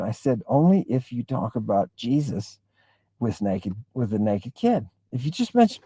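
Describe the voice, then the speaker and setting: A man's voice: mid-range voice, big pitch swings, normal speed, mellow, slightly rough, no echo. A man hosting a livestream, talking emphatically and in a rambling way, reading and answering viewer comments. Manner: emphatic, rambling, keeps asking "right?". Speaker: host. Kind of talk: livestream talk with chat.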